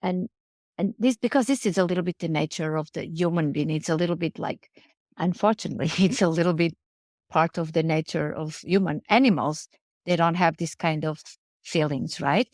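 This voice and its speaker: A woman's voice: sits low, normal speed, darkish tone, no echo, studio quality. A woman, speaking earnestly in a casual interview and often repeating words as she searches for phrasing. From Portugal. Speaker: guest, riding instructor.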